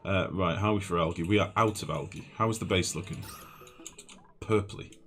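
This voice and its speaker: A young man with a deep, low voice, streaming a game and chatting to his viewers. He sounds flustered and pokes fun at himself. Game music plays clearly underneath him. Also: a little fast, fairly bright tone. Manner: chatty, flustered, self-mocking, greets chat viewers. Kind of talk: live-streamed gameplay commentary. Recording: music playing clearly behind voice.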